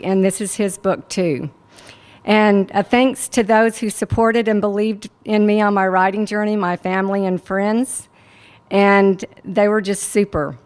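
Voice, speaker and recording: A woman author giving an earnest, grateful acceptance speech for a book award. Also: medium pitch.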